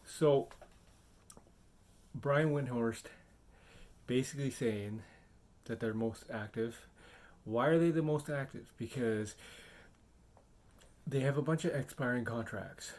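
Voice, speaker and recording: A man's voice: mid-range voice, unhurried, a little mellow. A man giving casual basketball commentary for his channel, rambling with many fillers. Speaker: sports video creator.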